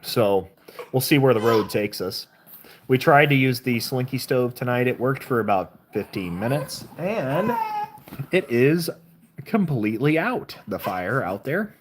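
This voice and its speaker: A chatty woman with a Southern accent hosts a casual live stream and greets her viewers by name. Her voice sits very low for a woman, yet it swings up and down with lively expression. There is a faint hiss behind her. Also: measured pace. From southern Missouri. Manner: chatty, greets viewers and reads their comments aloud. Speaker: livestream host.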